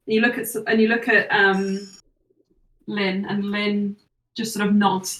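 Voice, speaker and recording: A woman narrating as game master of a tabletop game in a relaxed, casual way. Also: mid-range voice, moderate pace. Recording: echoey room, far from mic.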